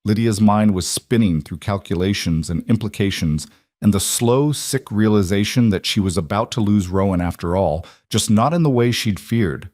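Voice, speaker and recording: A man narrates a scripted story in a low voice, steady and measured. The sound is dry and close, with no room around it. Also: dry recording.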